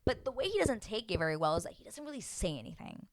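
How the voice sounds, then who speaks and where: A woman giving a casual, animated, exclamatory reality-show recap as a vlogger. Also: medium pitch, fast, no room sound, studio quality.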